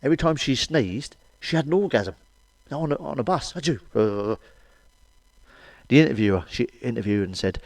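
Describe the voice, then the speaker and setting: A middle-aged man telling crude stand-up jokes with blunt, sweary, deadpan asides. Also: medium pitch, moderate pace, creaky, no echo. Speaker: stand-up comedian. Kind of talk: crude stand-up one-liners.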